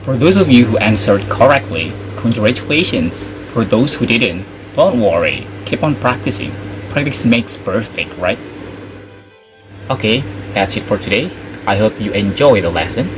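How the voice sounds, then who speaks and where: A man's voice: on the low side, expressive, normal speed, rough recording. Indonesian man hosting an English lesson. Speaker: English teacher, channel host. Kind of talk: casual online lesson. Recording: loud background music.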